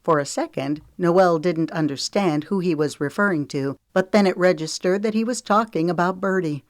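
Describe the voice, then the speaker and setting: A woman narrating a romance audiobook in a calm, measured way. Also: lowish voice, dry recording, clean studio sound. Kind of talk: scripted narration.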